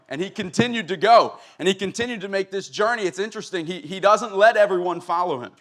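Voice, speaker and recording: A young man preaching a sermon, reading scripture slowly and then retelling it in casual everyday speech. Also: high voice, a bit bright.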